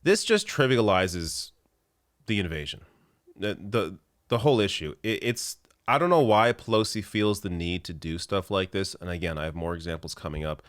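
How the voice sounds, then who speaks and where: A man's voice: deep voice, lively intonation, moderate pace, no room sound, studio quality. A man hosting a political commentary show, talking in an exasperated, sarcastic way about the news. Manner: exasperated, sarcastic, laughing now and then.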